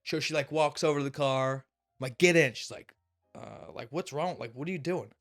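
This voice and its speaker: A young man telling a personal story on a podcast, animated and swearing often. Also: on the high side, brisk, faint music behind. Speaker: podcast guest. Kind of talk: casual storytelling.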